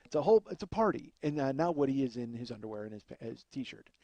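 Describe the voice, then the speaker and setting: A man's voice: mid-range voice, animated, fast talker, warm tone, dry recording. A man telling a rambling, profane comic story as a podcast host, often laughing at his own tale. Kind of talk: comedic storytelling.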